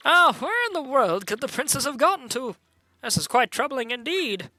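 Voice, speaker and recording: A man's voice: very high voice, big pitch swings, moderate pace, pushed and bright, no echo, pitched above the performer's own voice, full character voice. A man doing a fretful, prim old steward. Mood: worried.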